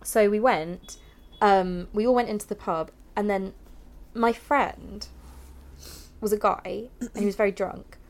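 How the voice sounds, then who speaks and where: A woman's voice: mid-range voice, a little slow, darkish tone. A young woman, telling a personal story frankly in an interview, filling her talk with "like" and laughing here and there. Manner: frank, heavy use of "like", laughs while talking. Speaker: interview guest.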